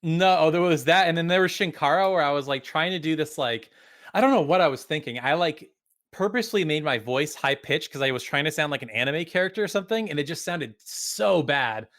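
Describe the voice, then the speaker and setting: A young man chatting casually as a game reviewer, relaxed, with many fillers and frequent laughs. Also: fairly high pitch, fairly quick. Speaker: game reviewer and video creator. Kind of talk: casual podcast chat.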